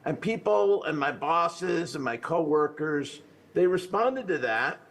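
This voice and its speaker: Fielding questions after a conference talk, an older man answers with authority, his voice falling at the end of each sentence. His delivery is expressive and slow, fairly high in pitch with a fairly bright tone.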